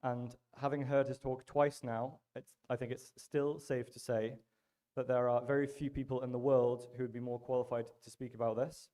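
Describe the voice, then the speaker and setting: A man's voice: medium pitch, flat delivery, moderate pace, mellow. Man hosting a live industry event. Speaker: event host. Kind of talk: announcements and speaker introduction. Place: event venue with a bar.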